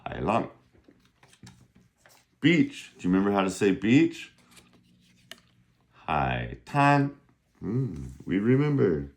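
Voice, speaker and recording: A man teaching Mandarin vocabulary in a casual, patient way, slowly modeling each word's pronunciation with lively jumps in pitch. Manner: bursts of high pitch when modeling Chinese tones.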